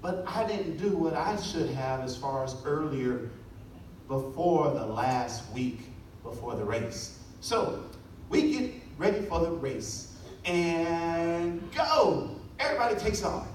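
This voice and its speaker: A man giving a motivational talk, telling a story with lively delivery and acting out the people in it. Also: fairly high pitch, slow, very echoey, recorded from a distance, a little hiss or hum, low-quality recording. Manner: animated storytelling, acting out voices. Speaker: motivational speaker.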